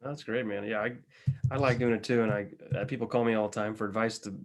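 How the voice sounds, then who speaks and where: A man's voice: on the low side, steady tone, fast talker. Wry, joking male podcast host. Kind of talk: casual interview chat.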